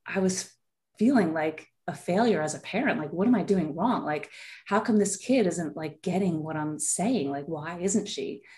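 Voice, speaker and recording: A woman's voice: lowish voice, moderate pace, a little mellow. A woman in her forties, a podcast guest, telling a heartfelt personal story in a rambling way with many fillers.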